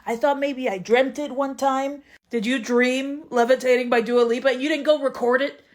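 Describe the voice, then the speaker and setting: A woman comedian performing sketches and stand-up with dry, deadpan comebacks. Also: sits high, normal speed.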